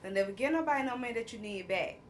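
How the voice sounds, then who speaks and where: A woman's voice: a little high, rapid-fire, slight background noise. A woman, casually recapping a reality show episode, acting out quotes and laughing often. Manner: animated storyteller, acts out quotes, laughs often.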